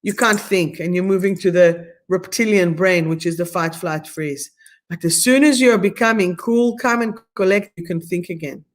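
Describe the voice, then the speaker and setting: A woman's voice: lowish voice, moderate pace. A middle-aged woman from Israel, guest-hosting a live stream where she leads a meditation and reads oracle cards in a soothing, affirming way with slightly phrasing. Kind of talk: live-streamed guided meditation and card reading.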